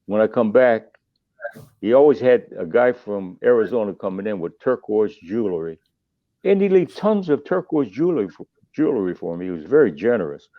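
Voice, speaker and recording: A man's voice: on the low side, big pitch swings, moderate pace, no echo. Older guy rambling thru old stories on a tinny phone call, kinda salty. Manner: rambling, salty anecdotes with restarts. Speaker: podcast guest, musician. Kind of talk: casual storytelling. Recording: tinny phone line, dry.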